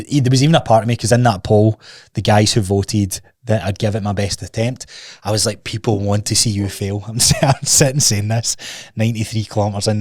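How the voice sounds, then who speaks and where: Candid low-voiced man telling a story. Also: a little mellow, no room sound, studio quality. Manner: candid, rambling, restarts often, swears casually. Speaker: podcast host. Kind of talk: solo podcast storytelling. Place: recording studio.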